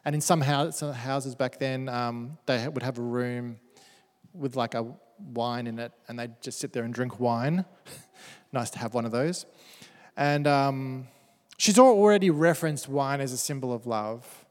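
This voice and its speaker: Speaking in a mid-range voice and a little slowly, this pastor reads scripture aloud and breaks off for joking, playful remarks. The sermon was captured in a church hall with a long, lingering reverb.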